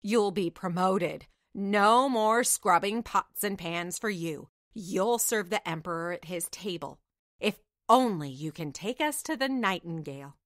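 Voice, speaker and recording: A woman voicing a pompous male knight of the court who speaks in an effusive, booming way. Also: unhurried, fairly bright tone, no room sound, studio quality, lightly acted. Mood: delighted. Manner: booming, effusive, self-important.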